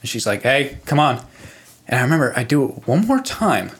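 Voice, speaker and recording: A young man spins a spooky story on a podcast in a loose, rambling way. He swears freely and keeps restarting his sentences and padding them with fillers. His pitch sits in the middle. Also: big pitch swings, fast, husky. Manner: rambling, profane, lots of fillers. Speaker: podcast guest. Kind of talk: casual storytelling.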